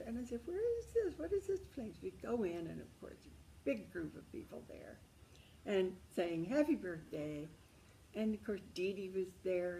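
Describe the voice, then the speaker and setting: Older woman storyteller, gravelly unhurried voice, intimate, slips into whispers. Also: lowish voice, dark tone, a little hiss or hum, rough recording. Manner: intimate, emotional, calls the listener darling, drops into whispers. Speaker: memoir storyteller. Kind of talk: personal storytelling.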